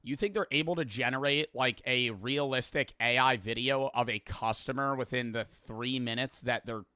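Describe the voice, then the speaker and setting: A man's voice: mid-range voice, moderate pace, bright, forceful tone, no room sound, studio quality. A young man streamer giving blunt, profane, rambling commentary while reacting to a prank video.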